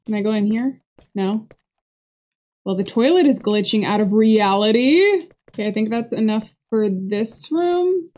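A woman's voice: mid-range voice, mellow. A young woman giving jumpy, joking commentary as she plays a horror game and reads its dialogue aloud. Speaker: gaming video creator. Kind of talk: let's play commentary.

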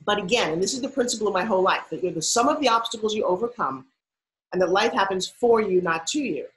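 A woman's voice: medium pitch, a bit bright, poor audio. A middle-aged woman from New York, a podcast guest telling her life story with punchy emphasis. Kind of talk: storytelling interview.

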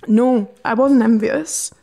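Young Welsh woman, reality-TV guest, gravelly voice, raw and emotional, lots of "like". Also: fairly high pitch, fairly even intonation, slow pace, mellow. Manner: emotional, swears freely, many fillers. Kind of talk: candid podcast interview.

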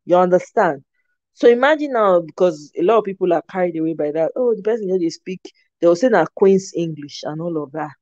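A woman host with a Nigerian accent, chatting casually as she reacts to viewer comments, animated and laughing often, slipping into Pidgin. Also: fairly low pitch, brisk, no room sound, lo-fi sound.

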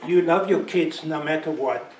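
A man from South Africa leading a church Bible study, talking in a conversational, gently teaching way. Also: on the high side, moderate pace, slight background noise. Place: church room. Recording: echoey room from far off.

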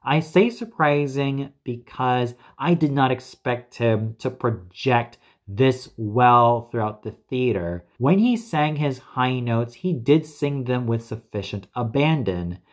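A man giving a scripted opera review in a measured, opinionated way, carefully listing singers and roles. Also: mid-range voice, animated.

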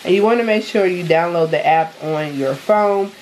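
A woman's voice: lowish voice, normal speed, darkish tone, a little hiss or hum, low-quality recording. Chatty woman vlogging from her kitchen. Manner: chatty and upbeat, addresses viewers as y'all. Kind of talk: casual vlog chat. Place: home kitchen.

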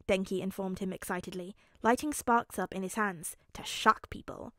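A woman narrating a fanfic audiobook in a calm, even storytelling manner. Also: medium pitch, moderate pace, few pauses, dry recording, clean studio sound.

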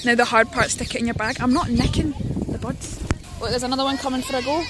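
Excitable Scottish woman streaming outdoors. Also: high voice, fast talker. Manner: chatty and excitable, talking to birds and chat. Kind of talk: casual outdoor stream chat. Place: outdoors in a city park. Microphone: handheld phone. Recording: outdoor phone stream with noise.

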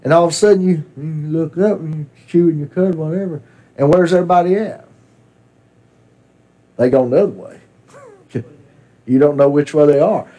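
A man's voice: fairly high pitch, moderate pace, pauses often, mellow. A man teaching a Bible class in a church classroom, asking questions and repeating his students' answers.

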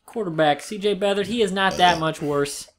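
A man's voice: high voice, moderate pace. Young man swearing through game commentary. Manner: crude, joking banter. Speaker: let's play commentator. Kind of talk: casual gaming commentary.

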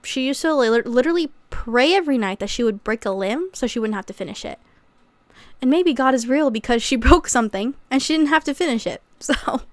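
A woman's voice: a little high, no echo. A young woman recapping a memoir in a casual, chatty way, with sarcastic asides and acted-out quotes. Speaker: YouTuber.

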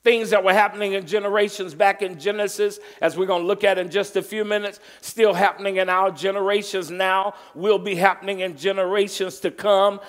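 A man's voice: sits high, level tone, fairly bright tone. A man preaching a sermon as pastor, stretching out stressed words and calling on the congregation to answer. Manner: emphatic preaching, drawn-out stressed words, call and response. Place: church sanctuary. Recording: long reverb from a large hall.

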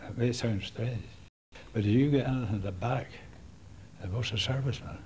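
Halting older Northern Irish man. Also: mid-range voice, a little hiss or hum, rough recording. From Northern Ireland. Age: 80s. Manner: halting, with restarts and soft chuckles. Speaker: war veteran interviewee. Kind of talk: oral history reminiscence.

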